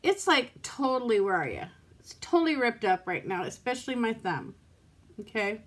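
A woman's voice: mid-range voice, sing-song, normal speed. A woman vlogging from her home in rambling casual chat to camera, frustrated and close to tears. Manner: frustrated, rambling, self-talk.

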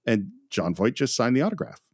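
A man hosting a casual film-discussion podcast, enthusiastic and quick to laugh as he retells scenes. His voice is mid-pitched and close, on a dry, dead recording. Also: very animated, a little mellow, breathy edge, dry recording. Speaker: podcast host.

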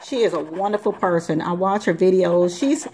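A woman's voice: fairly low pitch, moderate pace, darkish tone, slight background noise. A woman hosting a lottery scratch-off video, chatting casually and rambling as she scratches. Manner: chatty, rambling, repeats words. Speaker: lottery scratch-off channel host. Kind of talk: casual chat while scratching tickets.

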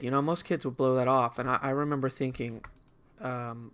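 A man with a bright, forceful voice chats casually while playing a game. He drifts between a reflective story and quick asides about the action, often restarting his sentences. His pitch sits in an ordinary middle range. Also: level tone, clear, resonant tone. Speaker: gaming channel host. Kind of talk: casual storytelling over gameplay commentary.

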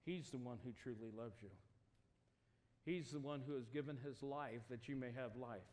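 A man delivers a sermon to young campers, moving between quiet, tender storytelling and loud, fervent calls. His voice sits at an average pitch. It carries a long reverb from a large hall on a low-quality recording. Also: moderate pace. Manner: emotional, builds to loud passionate appeals. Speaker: youth camp speaker. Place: camp meeting hall with student audience. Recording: echoey hall, poor quality.

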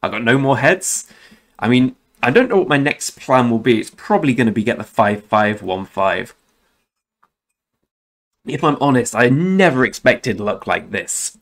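A man's voice: mid-range voice, expressive, moderate pace. A young man hosting a gaming channel, talking casually and rambling through game commentary, often correcting himself and swearing now and then. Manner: rambling, self-correcting, chatty with mild swearing.

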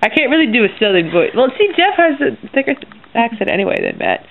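A woman's voice: fairly high pitch, sing-song, fast, gravelly, narrow, tinny audio, slight background noise. A woman chatting and joking as she plays with toy wrestling figures and dogs, giggling often. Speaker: vlogger filming with a friend. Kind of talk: casual chat playing with toy figures and dogs.

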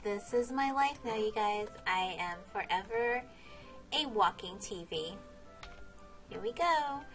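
Giggly woman vlogging a game, slow talk. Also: medium pitch, lively intonation, fairly bright tone, soft background music. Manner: giggly, exclaims often. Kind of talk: casual game vlog commentary.

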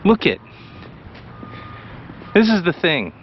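A man from British Columbia talking to his camera while walking outdoors, blunt, excitable and full of swearing. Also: sits high, slow, lo-fi sound, slight background noise. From British Columbia, Canada. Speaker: vlogger. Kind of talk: casual walking vlog. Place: outdoors by a city beach.

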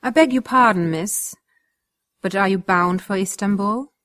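A woman voicing a portly middle-aged English gentleman who talks slowly, loudly and with bluster. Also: mid-range voice, no echo, clean studio sound, close to an everyday voice.

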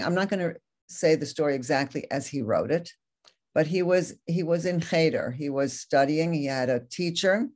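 A woman's voice: low-pitched, moderate pace, darkish tone. A woman Torah teacher giving a lecture, earnestly retelling a story and reading quoted passages aloud.

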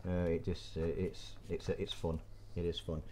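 A man's voice: deep voice, flat delivery, normal speed, mellow, slight background noise. A man hosting a casual cooking demonstration, chatty and instructive, bantering with his guest. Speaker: cookery show host. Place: school kitchen.

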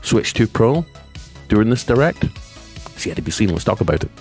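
A man presenting a casual gaming news vlog. He rambles excitedly, with lots of restarts and side remarks, and his pace swings between fast and slow. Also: lowish voice, faint music behind. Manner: chatty and rambling, with frequent restarts and asides.

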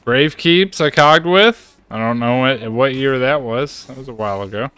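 A man giving casual gameplay commentary, excitable, playful and chatty. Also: medium pitch, normal speed, clean tone, dry recording, soft background music. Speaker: gaming streamer.

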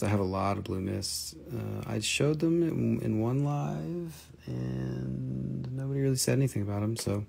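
Gravelly-voiced man selling crystals live. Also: lowish voice, a little mellow. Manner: chatty and joking. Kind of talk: casual live sales stream.

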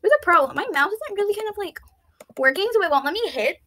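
Brief: high, bright-toned woman, excitable let's-play commentary, frantic repeated pleas. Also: fast, a little hiss or hum. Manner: thinks aloud, with frequent "let's see" and "I don't understand". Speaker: YouTuber playing an online game. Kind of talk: casual gameplay commentary.

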